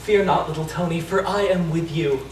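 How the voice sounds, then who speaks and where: A man doing a soft-spoken weary holy man. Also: normal speed, close to an everyday voice. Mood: gentle. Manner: soft, low and gently preachy. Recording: echoey room, distant mic, faint noise.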